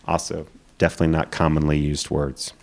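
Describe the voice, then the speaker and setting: Low-voiced man explaining at a conference. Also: level tone, vocal fry. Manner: explanatory, hurried, filler-laden. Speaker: presenter. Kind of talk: conference presentation.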